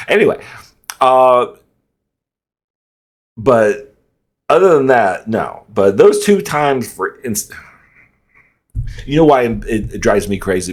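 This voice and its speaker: A man's voice: medium pitch, sing-song, takes it slowly, pauses often. A man hosting a reaction video, rambling, joking and interrupting himself as he comments.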